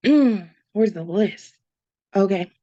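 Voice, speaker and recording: A woman talking as a guest in a relaxed conversation, chatty and full of casual fillers. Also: mid-range voice, takes it slowly, no room sound, muffled recording. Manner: chatty, full of "like" and "you know".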